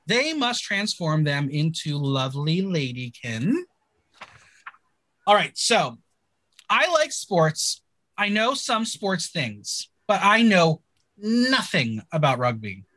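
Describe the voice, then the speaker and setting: A man's voice: high voice, no room sound. A man hosting a podcast, casually recapping a TV show with jokes and laughter. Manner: animated, laughing, joking. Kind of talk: casual chat.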